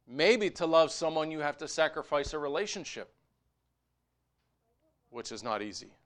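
A man preaching a sermon as pastor, moving between quiet conversational asides and raised, emphatic exhortation. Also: on the high side, sing-song, moderate pace.

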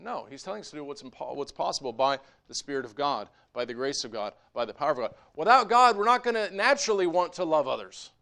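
A man preaching a sermon as pastor, moving between quiet conversational asides and raised, emphatic exhortation. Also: on the high side, sing-song, quick pace, creaky, hardly any pauses.

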